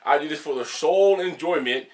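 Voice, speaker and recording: A man's voice: a little high, brisk. A man who reviews video games, talking unscripted and directly to his camera, emphatic and candid with his viewers.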